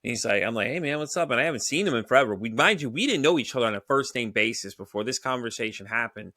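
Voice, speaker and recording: A male podcast host who talks quickly and in a casual, animated way. His voice is bright and forceful, and the sound is dry and close with no room echo. He acts out the people in his stories. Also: medium pitch. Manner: animated storyteller, acts out quoted dialogue. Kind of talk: casual interview chat.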